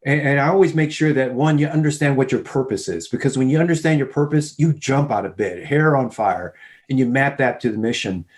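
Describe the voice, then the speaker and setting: A man's voice: medium pitch, fairly quick. Podcast guest, man, mid-range voice, acts out dialogue while telling stories. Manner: animated storyteller, acts out both sides of dialogues. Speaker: podcast guest, sales leader. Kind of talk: storytelling in a podcast interview.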